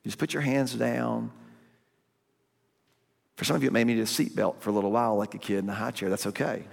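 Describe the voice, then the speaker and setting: A man preaching a sermon in a conversational, animated way, breaking into sudden loud bursts. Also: mid-range voice, fairly quick, creaky. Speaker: pastor. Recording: long hall reverb.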